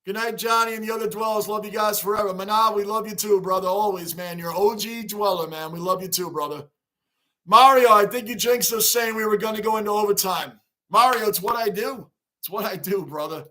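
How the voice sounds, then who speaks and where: A man with a bright, high voice hosts a casual fan livestream, speaking a little fast. He addresses his chat directly, gets worked up and emotional about his team, and stays chummy with the regulars.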